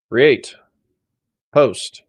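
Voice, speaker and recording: This livestream host, a man with a medium-pitched voice and a breathy edge, chats casually and rambles. Still sleepy and yawning, he keeps running himself down.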